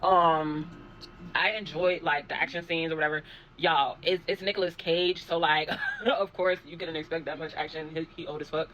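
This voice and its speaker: A man giving a casual spoken review of a show, rambling in a relaxed, slangy way and filling pauses with "um" and "like". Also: a little high, lo-fi sound. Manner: rambling, filler-heavy, with frequent "um" and "like"; slangy and laid-back.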